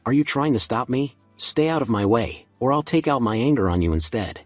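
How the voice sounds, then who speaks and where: A clingy little sister with a hot temper, read by a man, rushing through pouting threats in a husky voice. The sound is close and dry. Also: mid-range voice, lively intonation, dry recording, soft background music, lightly acted. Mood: fierce.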